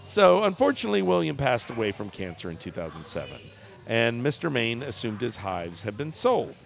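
A man's voice: medium pitch, big pitch swings, a little fast, creaky, soft background music. A man co-hosting a casual chat, reading a news story aloud in a jokey way and laughing often. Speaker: podcast co-host.

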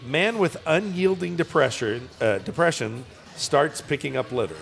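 A man with a gravelly, creaky voice retells a news story on a comedy podcast. He rambles, fills gaps with "uh" and drifts into jokes. Faint music plays underneath. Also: a little high, animated, moderate pace, fairly bright tone. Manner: joking, rambling with fillers. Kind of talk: casual comedic chat.

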